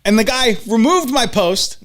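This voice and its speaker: A man co-hosting a podcast, ranting loudly and swearing in casual banter. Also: very high voice, animated, moderate pace. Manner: ranting, loud and profane. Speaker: podcast co-host.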